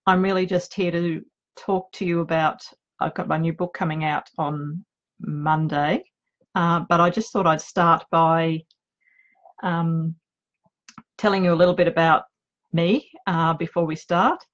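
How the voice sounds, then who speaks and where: Woman, Australian accent, middle-aged, lowish husky voice, nervous chatty author, self-mocking, home office, dull lo-fi recording. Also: fairly even intonation, a little slow. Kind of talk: casual live video chat.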